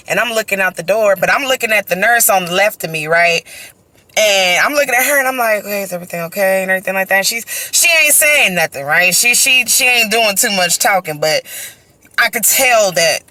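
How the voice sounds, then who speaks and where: A young woman telling her birth story in a casual, animated way, full of "you know" and "right?", talking into her phone while out on a walk. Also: mid-range voice, no room sound. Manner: animated, conversational, heavy use of fillers like "you know" and "right?". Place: outdoors, on a walk.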